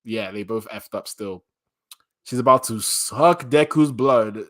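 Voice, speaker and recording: An excitable man reacts to a manga chapter in loose, slangy commentary. His voice sits at an ordinary middle pitch, and he jumps between reading panels and blurting out his own reactions. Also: unhurried. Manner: excitable, slangy, reads panels aloud with bursts of laughter.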